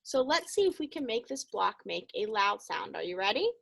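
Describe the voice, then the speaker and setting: A woman teaching young children a phonics lesson, speaking slowly and encouragingly and calling them friends. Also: mid-range voice, big pitch swings, vocal fry, heavy background noise.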